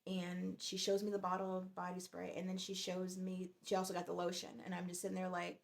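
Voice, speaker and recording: A woman's voice: lowish voice, completely flat delivery, brisk, gravelly. A woman in her forties telling a workplace story in a chatty, exasperated way. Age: 40s. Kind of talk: casual storytime vlog.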